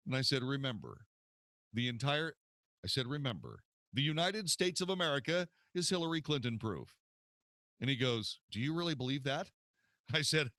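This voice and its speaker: A man's voice: mid-range voice, big pitch swings, moderate pace, sharp tone, no echo. A man, a radio host, recording promo spots in a studio, telling a story with theatrical delivery and retakes.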